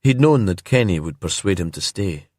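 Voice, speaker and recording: Slow, hushed male storyteller. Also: deep voice, expressive, dry recording, clean studio sound. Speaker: narrator. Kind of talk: calm scripted storybook narration.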